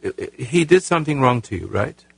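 Raspy, gravelly man hosting call-in radio. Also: mid-range voice, lively intonation, dry recording. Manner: halting, repeats words, earnest. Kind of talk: call-in advice talk.

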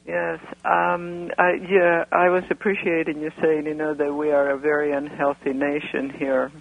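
A woman's voice: low-pitched, little pitch movement, moderate pace, vocal fry. A woman from Europe calling in to a radio show, talking in a rambling, hesitant way with many fillers. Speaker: caller. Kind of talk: phone-in conversation. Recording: tinny phone line.

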